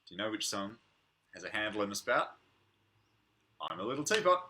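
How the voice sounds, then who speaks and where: A man's voice: fairly low pitch, normal speed, slight background noise. A man leading a preschool playgroup on a livestream, talking playfully to young children and reading picture books. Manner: playful, animated, chatting to unseen children.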